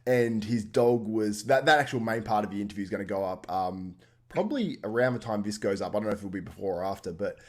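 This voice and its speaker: A man's voice: on the low side, expressive, fast. A man hosting a podcast in casual chat, chatty and laughing often. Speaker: podcast host.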